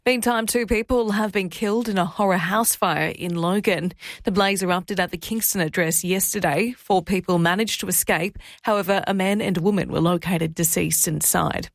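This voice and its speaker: An Australian woman presenting a radio news bulletin in a measured, clear newsreading manner. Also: fairly low pitch, dry recording, studio quality. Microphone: studio microphone.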